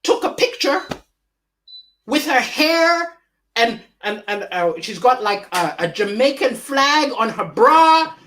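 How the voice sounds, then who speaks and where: Livestreaming from home, a man performs a stand-up comedy monologue, talking slowly but animatedly with big pitch swings and chuckles between jokes. There's slight background noise.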